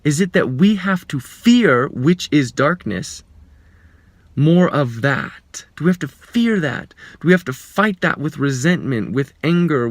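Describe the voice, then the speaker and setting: A man gives a reflective spiritual talk at a slow, deliberate pace, earnest and measured, sometimes sinking to a hushed whisper. His voice sits a little high and sounds dry and close, with no room around it. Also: dry recording. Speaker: life coach giving a spiritual talk.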